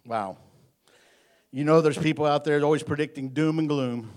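Preacher guy in church, voice on the higher side, jokey and folksy, hammers lines over and over. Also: steady tone, moderate pace, clean tone. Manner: folksy, joking, rising to emphatic repetition. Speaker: pastor. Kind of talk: sermon.

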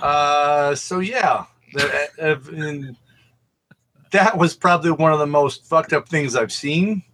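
A man's voice: on the high side, slow, fairly bright tone. A man co-hosting a podcast, telling rambling anecdotes in casual chat and swearing freely. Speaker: podcast co-host.

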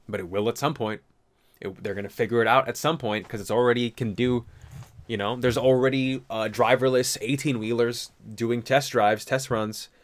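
A young man talking in a casual, rambling monologue. He swears often, uses slang, and breaks into mocking impressions. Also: mid-range voice. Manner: loose and profane, slangy, jumps into mocking impressions.

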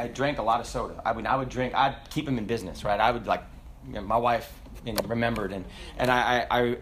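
A man preaching a sermon, telling stories with laughter in an animated, lively way. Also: medium pitch, slight background noise. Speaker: pastor.

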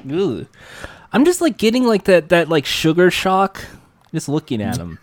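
A man's voice: high-pitched, huge pitch swings, moderate pace, slight background noise. A man from California co-hosting a podcast, chatting in a playful, joking way with plenty of fillers. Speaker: podcast co-host. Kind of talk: casual chat.

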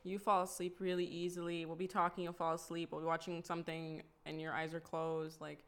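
A woman's voice: fairly low pitch, completely flat delivery, brisk. A young woman talking openly with friends. Her tone is frank and lightly teasing. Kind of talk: casual couples chat.

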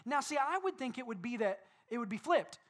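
A man preaching a sermon as pastor, building repeated phrases up to loud peaks. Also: extremely high pitch, very animated, a little fast.

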